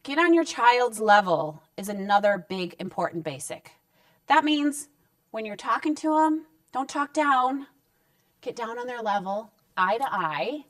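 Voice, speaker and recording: A woman's voice: on the high side, expressive, measured pace, a bit bright. A woman in a parenting counselor role talks through discipline tips in a conversational, reassuring manner. She sits back from the mic, so her voice sounds slightly distant. The room adds almost no echo. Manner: conversational and reassuring, acting out short parent-child exchanges. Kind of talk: direct-to-camera parenting advice talk.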